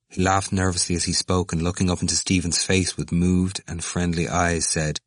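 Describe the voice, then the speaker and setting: Man reading an audiobook, real low voice, dry close sound, steady. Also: normal speed, few pauses, no echo. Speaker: audiobook reader. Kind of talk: scripted audiobook narration.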